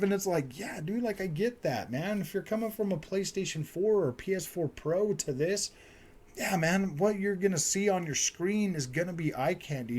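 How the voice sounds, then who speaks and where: A man's voice: high-pitched, expressive, moderate pace, darkish tone. Exasperated man ranting to his viewers. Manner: exasperated, repeats himself, says man and dude a lot. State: frustrated. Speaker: gaming and tech YouTuber. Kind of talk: frustrated casual rant to viewers.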